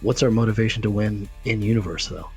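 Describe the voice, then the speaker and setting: A man's voice: fairly low pitch, fast talker, gravelly, slightly rough, faint music behind. A man playing in a tabletop game, plain-spoken and easygoing. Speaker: player. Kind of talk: casual tabletop game chat.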